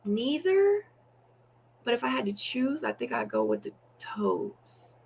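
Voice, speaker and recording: A woman's voice: fairly high pitch, takes it slowly, vocal fry, a little hiss or hum. A young adult woman chatting as a guest in an interview, telling stories animatedly and acting out what people say, with lots of "like" fillers. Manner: animated storytelling, acts out quotes, many "like" fillers. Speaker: dating show guest. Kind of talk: casual interview chat.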